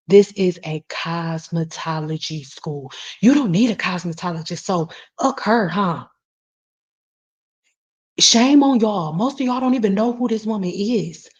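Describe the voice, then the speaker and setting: A woman with a fairly low, slightly mellow voice, recorded with the highs cut off. Working as a cosmetologist, she vlogs casually, blunt and emphatic, cursing freely. She speaks directly to her viewers, calling them y'all.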